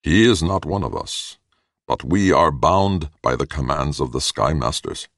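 A man voicing a solemn alien tribesman in an audiobook, intoning his lines slowly. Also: very deep voice, vocal fry, dry recording, studio quality, exaggerated voice. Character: tribal alien man, slow and solemn elder.

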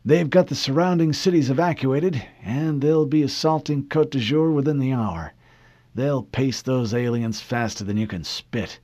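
A man doing a gruff, blunt old admiral. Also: mid-range voice, normal speed, darkish tone, pitched above the performer's own voice, close to an everyday voice. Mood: blustering. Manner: brusque, folksy military bluster. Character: aging male fleet admiral, gruff, blunt, commanding.

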